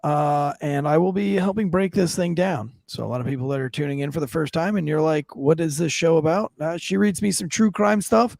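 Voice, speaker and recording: A man's voice: a little high, fairly quick, vocal fry, few pauses, darkish tone, dry recording. A man in his thirties, a former police officer co-hosting a true crime podcast, talking in blunt, profane, joking banter. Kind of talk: casual banter.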